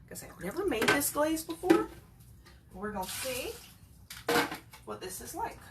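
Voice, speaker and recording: A woman's voice: high-pitched, big pitch swings, normal speed, very noisy. A woman chatting casually in her home kitchen as she cooks, laughing often and cooing at her cats. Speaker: home cook and channel host. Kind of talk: casual cooking vlog. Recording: loud kitchen clatter behind voice. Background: dishes, cutlery and stirring sounds.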